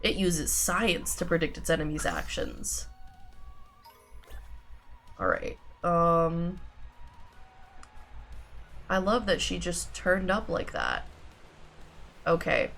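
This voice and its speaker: A woman streaming a video game, giving wry, sarcastic commentary with casual swearing and a low-energy delivery. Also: sing-song, takes it slowly, pauses often, fairly bright tone, faint music behind.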